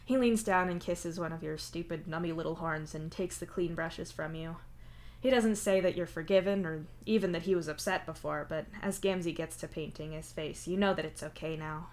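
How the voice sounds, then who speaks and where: A woman reading a fan story aloud in the second person, steady and even. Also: fairly low pitch, normal speed. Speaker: fanfiction reader. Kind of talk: audiobook-style story reading.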